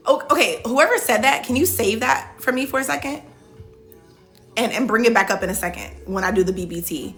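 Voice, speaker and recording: A woman talks casually on a livestream, reading viewer comments and answering them in a loose, chatty way full of "like" fillers. Her voice is bright and forward, with faint music playing underneath. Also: fairly high pitch, animated, normal speed. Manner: frequent "like" fillers and restarts. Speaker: reality show contestant hosting a live Q&A.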